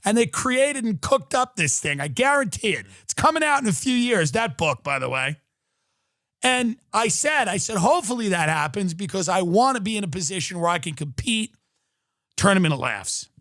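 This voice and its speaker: A man in his thirties hosts a podcast, delivering a sarcastic, mock-outraged comic rant full of swearing and acted-out quotes. His voice is high, very animated, and fairly bright, at a moderate pace. The recording is dry and studio-clean.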